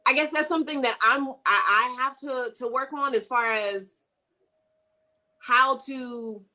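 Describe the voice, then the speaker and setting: A woman co-hosting a casual panel talk show, animated and acting out how her words come across. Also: high-pitched, measured pace. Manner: animated, acts out how she sounds to others. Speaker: podcast co-host.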